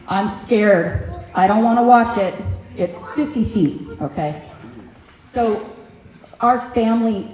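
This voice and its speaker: A woman's voice: mid-range voice, mellow. A middle-aged woman giving an earnest, heartfelt public comment at a community meeting, plain-spoken and personal. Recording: echoey meeting room, faint ambience.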